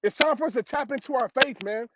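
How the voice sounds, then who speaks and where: A man's voice: very high voice, fast talker. A man giving a motivational talk, preaching and repeating phrases for emphasis, out on a road. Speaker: motivational speaker. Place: outdoors on a road. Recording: dull lo-fi sound with clear hiss.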